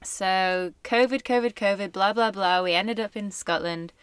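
A woman's voice: mid-range voice, smooth, dry recording. A woman co-hosting a podcast in casual chat, playful and teasing. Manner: playful, teasing, quick laughs. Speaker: podcast co-host.

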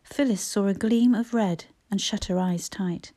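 Mellow woman reading a storybook. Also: mid-range voice, measured pace. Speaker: narrator. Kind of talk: audiobook reading.

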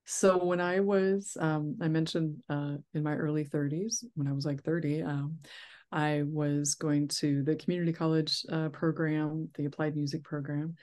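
A woman's voice: low-pitched, fairly even intonation, moderate pace, darkish tone. A woman talking as a guest in a casual conversation, chatty, with frequent restarts and laughs. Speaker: interview guest, therapist.

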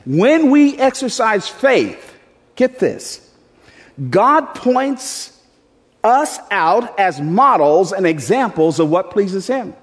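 Pastor guy preaching, high voice swinging all over, big echoey church sound. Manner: emphatic preaching, bursts into high animated voicing. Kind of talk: sermon. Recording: echoey hall with long reverb.

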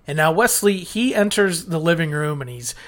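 A man's voice: fairly high pitch, animated, normal speed, a bit bright. Chatty man recapping a sitcom episode. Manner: chatty, retelling scenes with quoted lines and small restarts. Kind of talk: casual recap commentary.

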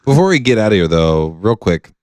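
Low-voiced male podcast host. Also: big pitch swings, brisk, a little mellow, dry recording, clean studio sound. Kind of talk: casual podcast interview.

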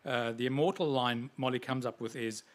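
A man interviewing an author, talking in a measured, chatty way. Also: medium pitch, fairly even intonation. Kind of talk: conversational interview.

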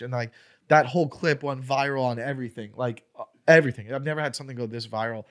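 Profane, animated male comedian. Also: mid-range voice, fast. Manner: profane, animated, acts out quotes in raised voice. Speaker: stand-up comedian, podcast guest. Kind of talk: casual storytelling chat.

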